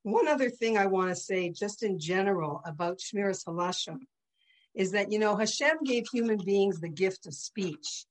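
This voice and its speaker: A woman's voice: mid-range voice, normal speed, poor audio. A woman teaching a conversational religious class. She often checks in with her listeners with "you know" and "right?". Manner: chatty, full of "you know" and "right?" asides.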